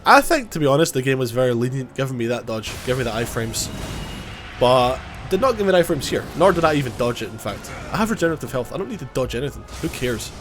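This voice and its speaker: A man's voice: medium pitch, very animated, fast, music in the background. A man with a cold, giving casual, joking gameplay commentary, self-mocking and swearing now and then. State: has a cold. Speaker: gaming YouTuber.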